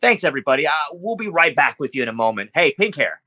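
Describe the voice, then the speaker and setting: A man's voice: fairly high pitch, big pitch swings, fast talker, bright, forceful tone, heavily acted. A man voicing a flamboyant male club owner who plays the showy host with nervous undertones.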